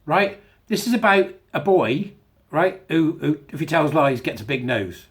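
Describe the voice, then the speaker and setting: A man giving a rambling, casual commentary to his viewers, animated and sarcastic, with plenty of asides and filler. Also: a little high, a little slow. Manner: meandering, chatty, with filler. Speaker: online commentator.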